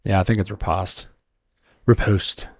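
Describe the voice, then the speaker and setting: A man's voice: on the low side, normal speed, no echo, clean studio sound. A man streaming a video game, chatting casually with viewers as he plays. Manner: relaxed, talks to chat while playing; yells with excitement at lucky loot drops. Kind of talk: casual gameplay livestream chat.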